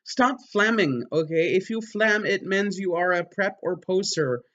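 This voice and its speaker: A man voicing a petulant teenage goth girl fanfic author, whiny and scolding in a high pitch. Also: measured pace, sharp tone, dull audio.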